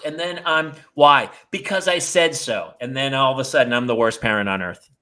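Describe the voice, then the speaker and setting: Bright, sarcastic man telling stories. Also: medium pitch, normal speed. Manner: sarcastic, animated storyteller. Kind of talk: casual chat.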